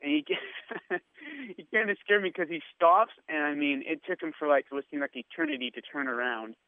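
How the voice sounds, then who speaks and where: A man with a slightly high voice tells a lively story over the phone. The sound is thin and tinny, like a phone call, and very dry with no room echo. He acts out the voices of the people in his story as he goes. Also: moderate pace. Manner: animated storyteller, acts out quotes. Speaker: guest. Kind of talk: casual storytelling.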